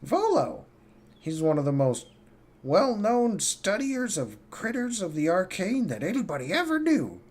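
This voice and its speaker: A man voicing an eccentric male archmage who collects magical creatures, chatty and rambling, quick to snap. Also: sits high, wildly swooping pitch, a little mellow, voice pushed up, exaggerated voice.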